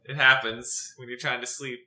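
A man playing in a casual tabletop game, low-key and matter-of-fact. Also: little pitch movement, normal speed, bright, forceful tone. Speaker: player. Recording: roomy echo.

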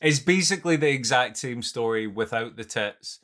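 A man co-hosting a casual film podcast, making dry, sarcastic remarks in a deadpan way. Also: medium pitch, normal speed. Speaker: podcast co-host.

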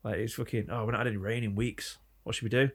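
A man in casual banter, telling animated stories full of swearing and put-on voices. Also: lowish voice, quick pace, gravelly, a crowd in the background.

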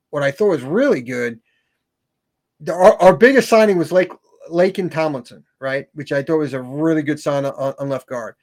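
Man, slightly high voice, sports talk co-host, animated, keeps saying "right?". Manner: animated, tags points with "right?"; repeats and restarts words.

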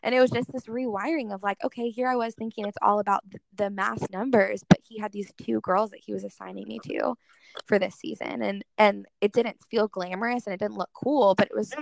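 A woman's voice: medium pitch, steady tone, fairly quick, vocal fry. A young woman telling a personal faith story in a casual interview, earnest and full of "like" fillers. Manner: earnest, heavy use of "like" as filler. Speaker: guest speaker in worship ministry.

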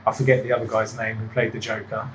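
A man's voice: fairly low pitch, flat delivery, quick pace, a bit bright, a little hiss or hum. A man interviewing a guest, asking casual questions with some hesitation. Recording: echoey room.

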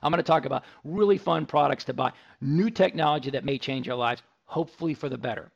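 A man's voice: a little high, fast, vocal fry, highs cut off. A man hosting a live tech radio show on location from a store, chatting enthusiastically with tangents and restarts. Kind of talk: live radio talk broadcast.

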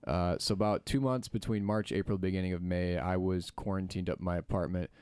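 A young man chats on a podcast, telling stories with lively energy. His voice is smooth and clear, sitting a little low. The sound is dry and close. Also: a little fast, no room sound. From United States. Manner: lively storyteller, slips into mimicking voices. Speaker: podcast guest. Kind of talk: casual chat.

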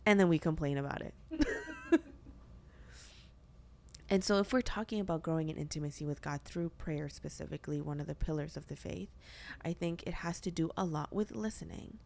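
Low-voiced woman with vocal fry. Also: expressive, moderate pace, a little mellow, a little hiss or hum. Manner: chatty, earnest, full of filler words. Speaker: podcast host. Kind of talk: casual faith discussion.

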